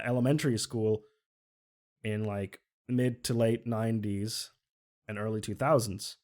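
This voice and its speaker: A man's voice: lowish voice, a little mellow. A man from Finland, chatting earnestly as a streamer while reacting to a video, often correcting himself. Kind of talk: casual reaction commentary.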